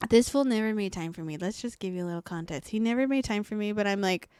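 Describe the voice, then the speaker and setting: A woman's voice: medium pitch, fast talker, darkish tone, smooth, no echo, studio quality. A young woman, co-hosting a podcast and telling a story in a casual, profane way with frequent laughs. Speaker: podcast co-host. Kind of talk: casual chat.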